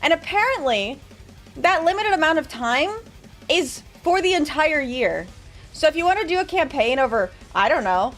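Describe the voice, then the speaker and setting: A VTuber streamer with a high-pitched, slightly bright voice chats casually with her viewers and reads their messages at a moderate pace. Her pitch swings widely, she's sarcastic and laughs often, and faint music plays behind her.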